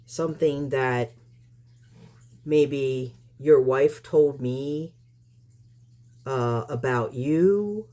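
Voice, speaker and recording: Woman commentator with a deep voice, heated and rambling. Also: very slow, long pauses, dark tone. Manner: combative, rambling with restarts. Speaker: YouTube commentator. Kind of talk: casual commentary.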